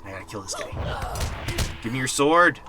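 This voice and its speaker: A man live-streaming an online game, talking excitedly and rambling to his viewers, laughing often. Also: medium pitch, normal speed, over music. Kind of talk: live gameplay stream chat.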